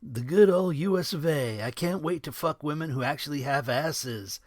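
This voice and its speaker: Man putting on crude young soldier, high and loud, mocking tone, dry sound. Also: moderate pace, no echo, lightly acted. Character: crude young male soldier, leering and coarse.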